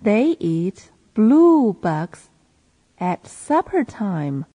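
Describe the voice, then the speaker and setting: A woman repeating a simple story phrase by phrase after a male reader, slowly and clearly, as a reading model for learners. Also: mid-range voice, big pitch swings, dark tone. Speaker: reading teacher. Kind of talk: slow read-aloud for learners to repeat.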